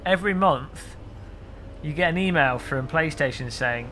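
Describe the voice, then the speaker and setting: A man's voice: a little high, a little slow, sharp tone, a little hiss or hum. A man streaming a racing game, chatting and joking with his viewers while he sets up a server. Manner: chatty, jokey, talks to chat while setting up. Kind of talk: casual live-stream chat.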